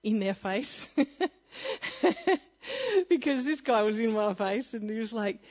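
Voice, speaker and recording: A woman's voice: medium pitch, a little slow, a little mellow, dull audio. A woman sharing her personal testimony at church, earnest and often laughing as she restarts her sentences.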